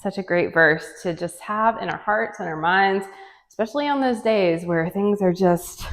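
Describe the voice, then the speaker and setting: A woman's voice: mid-range voice, normal speed. A woman leading a home workout, chatty and encouraging, counting reps and sometimes out of breath. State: out of breath at times. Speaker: fitness instructor. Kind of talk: guided home workout coaching. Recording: long reverb, echoey room.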